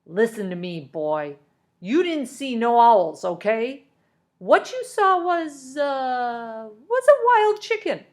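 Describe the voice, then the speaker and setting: A gruff, blustering construction foreman bellows in a raised, strained voice, as a woman reading aloud puts him on. He is a loud, angry bald man who snarls threats at a kid in a storybook. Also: extremely high pitch, sing-song, slow pace, hardly any pauses, voice pushed up, heavily acted.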